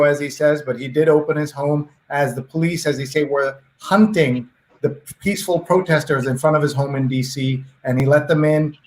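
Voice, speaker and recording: A man hosting a live video call show, calmly introducing a guest. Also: a little high, rough recording. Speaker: host.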